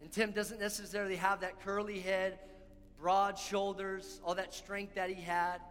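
A man's voice: sits high, flat delivery, moderate pace, a bit bright. A man preaching a sermon as pastor, earnest and repeating key lines for emphasis. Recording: long hall reverb with faint music.

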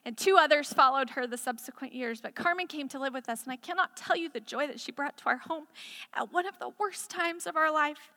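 Here a woman with a high, brisk voice gives a fiery sermon in a church sanctuary, her bright, forceful tone building into emphatic declarations. The hall's echoey reverb is clearly audible.

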